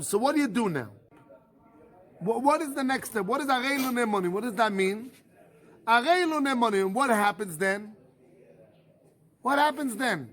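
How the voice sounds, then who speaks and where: Man, rabbi, high-pitched voice, yeshiva Talmud lecture, rhetorical questions, restarts phrases. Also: a bit bright. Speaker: rabbi teaching a Talmud class.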